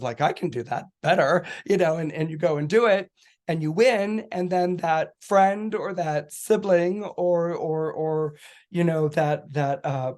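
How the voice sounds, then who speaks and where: This is a middle-aged man with a fairly high voice, explaining astrology in a relaxed podcast chat. He tells little stories, acts out quoted lines and laughs often. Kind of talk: casual explanatory talk.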